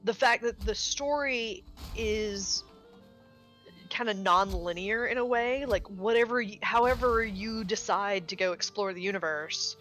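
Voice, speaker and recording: A woman chatting casually on a live gaming stream, expressive and full of filler words and mild swearing. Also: mid-range voice. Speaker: streamer co-host. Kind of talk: casual chat while gaming.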